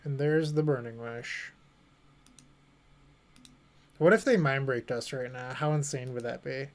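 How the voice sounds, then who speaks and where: A man's voice: mid-range voice, a little slow. A young man streaming a card game, thinking aloud and joking with his chat in a casual way. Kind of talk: casual commentary while playing.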